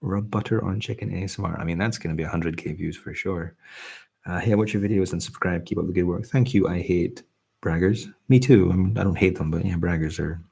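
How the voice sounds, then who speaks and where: A young man with a light Scottish twang talks in a very deep, gravelly, breathy voice. He keeps it soft and casual, reading comments aloud and answering them one by one as he hosts a relaxed stream. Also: brisk. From Britain. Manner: reads viewer comments aloud and replies. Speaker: ASMR livestream host. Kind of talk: casual soft-spoken live chat.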